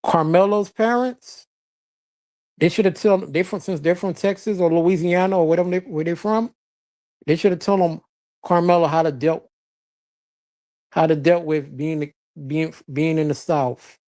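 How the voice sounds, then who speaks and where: A man talks on his own stream in a relaxed, unscripted way. His voice has a warm, mellow tone. He rambles, trips over words and restarts them, and drops casual swears. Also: fairly high pitch, normal speed. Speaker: streamer host. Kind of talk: casual commentary monologue. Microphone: streaming setup mic.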